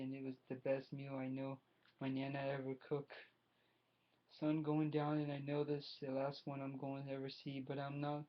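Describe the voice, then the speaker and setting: Flat monotone man reading aloud. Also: mid-range voice, dull audio. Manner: halting reading with frequent restarts. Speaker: audiobook reader. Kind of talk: reading a novel chapter aloud.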